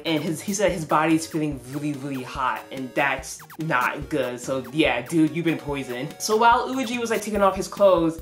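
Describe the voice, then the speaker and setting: Woman reviewer, low voice, rambling casual recap, swears and laughs, faint music behind. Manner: rambling, profane, laughs often. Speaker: manga reviewer.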